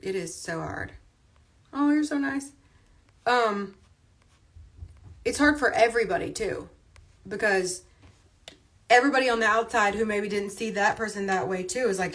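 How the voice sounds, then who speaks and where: A woman's voice: mid-range voice, normal speed, pauses often, a bit bright. Emphatic chatty woman livestreaming. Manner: emphatic, chatty, repeats points. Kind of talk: casual livestream monologue.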